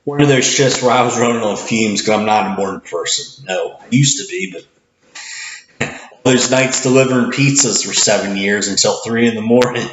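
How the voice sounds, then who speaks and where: A man who works as a cashier, talking in a casual vlog with a loud, projecting voice, rambling with many restarts and acting out the greetings he gives customers. He sits back from the camera in an indoor room. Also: fairly low pitch, normal speed. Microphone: camera mic at some distance. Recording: echoey room, dull lo-fi sound, faint noise.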